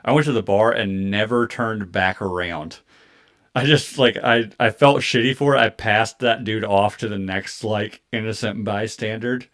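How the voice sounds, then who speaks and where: Male podcast co-host, 30s, casual storyteller, animated, rambling with fillers. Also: fairly low pitch, moderate pace. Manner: animated, heavy filler words and swearing.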